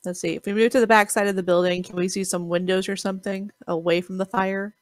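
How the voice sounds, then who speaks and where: A woman's voice: medium pitch, flat delivery, quick pace, no echo. A woman playing a tabletop game, matter-of-fact as she plans moves. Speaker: player. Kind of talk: casual game chat.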